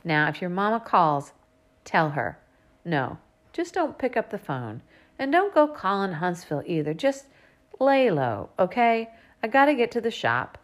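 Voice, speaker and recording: A woman's voice: mid-range voice, sing-song, unhurried. A woman voicing a folksy, easygoing middle-aged father who talks to his daughter in a coaxing way. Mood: hushed instructions.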